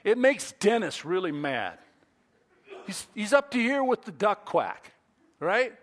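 Give me a lively, high-pitched male preacher. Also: slow pace. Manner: animated, playful storytelling with acted-out quotes. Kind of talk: sermon.

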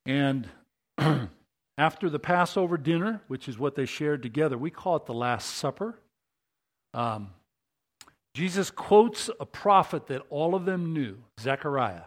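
A man preaching a sermon, conversational and animated, often asking his listeners questions. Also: mid-range voice. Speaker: pastor.

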